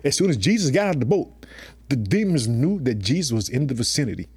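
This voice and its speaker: A man's voice: medium pitch, sing-song, fast, a little mellow, slightly rough. A man preaching a sermon in a colloquial, emphatic way, calling his listeners family and often saying "guess what" and "let me tell you something.".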